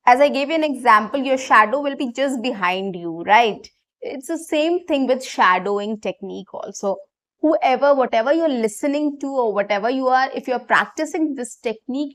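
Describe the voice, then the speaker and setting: A woman with a high voice gives an online English lesson. She explains things step by step and keeps checking in with her viewers by asking "right?" and saying "okay". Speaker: English teacher.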